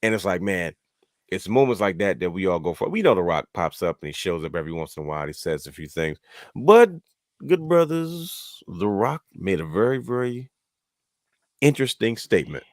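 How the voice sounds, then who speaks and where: A man with a notably deep, low voice hosts a casual wrestling chat, retelling moments with excited energy and frequent restarts. The sound is dry and close, with no room around it. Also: brisk, dry recording. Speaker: wrestling podcast host.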